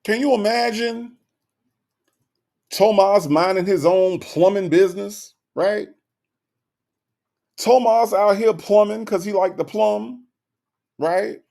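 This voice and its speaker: A man's voice: sits high, slow, gravelly, long pauses. A man giving comic reaction commentary, teasing and talking straight to his viewers. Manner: animated, teasing, addresses viewers.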